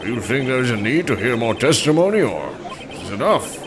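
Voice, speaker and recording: A man's voice: medium pitch, sing-song, a little fast, a crowd in the background, close to an everyday voice. A man voicing a flustered elderly male judge who stammers in exasperation, in a fan dub of a game. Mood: bewildered.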